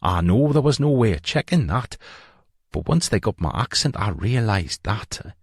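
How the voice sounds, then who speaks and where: A man's voice: on the low side, sing-song, husky, dry recording, studio quality, voice pushed up, heavily acted. Man reading as a rueful Geordie confessor. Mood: regretful. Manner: halting, rueful, trailing off. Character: remorseful middle-aged man confessing to police. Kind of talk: audiobook reading.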